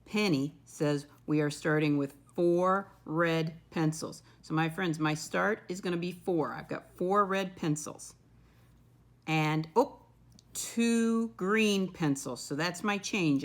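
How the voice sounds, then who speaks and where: A woman teaching a first-grade lesson. She talks to the children in a patient, encouraging way and counts aloud slowly and clearly. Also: on the low side, lively intonation. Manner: patient, encouraging, often says "my friends". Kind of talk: recorded classroom lesson.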